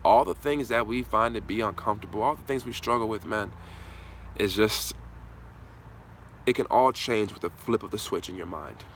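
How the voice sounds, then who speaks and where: A man's voice: on the low side, normal speed, a little hiss or hum. A man hosting a live viewer Q&A, giving an impassioned motivational talk with casual asides. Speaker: channel host answering viewers.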